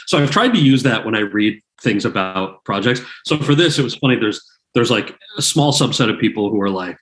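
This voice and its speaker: Speaking briskly at medium pitch, a man in his forties appears as a guest actor and author on an interview podcast. The chat is casual, and he tells stories with animation, voicing quotes loudly amid many fillers and restarts.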